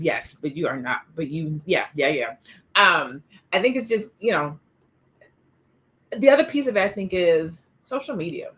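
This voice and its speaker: A podcast host with a fairly low-pitched voice, this woman runs a casual discussion show. She's animated and opinionated, reading out stats and telling stories about herself.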